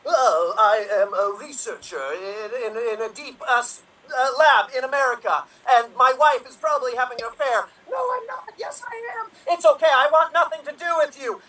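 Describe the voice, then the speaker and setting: A man's voice: very high-pitched, lively intonation, normal speed, hardly any pauses, bright, forceful tone, heavily acted. A man voicing a frantic male scientist turning into a fly, in a melodramatic, wailing improv remake. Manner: melodramatic, wailing, switching parts. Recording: voice from a distant mic.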